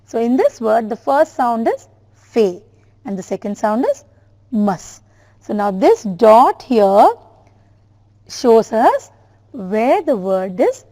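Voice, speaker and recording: A woman teacher slowly drilling words and syllables for her students, addressing them directly. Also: fairly high pitch, dark tone, in a large hall. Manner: slow, careful word-by-word drilling, addressing students. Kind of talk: classroom lesson on syllables.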